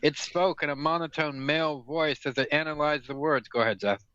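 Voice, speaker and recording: A man's voice: a little high, a little fast, bright, forceful tone, no room sound. A man reading fan fiction aloud for laughs, stumbling over words and correcting himself. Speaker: reader and host. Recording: dull lo-fi audio, dry room.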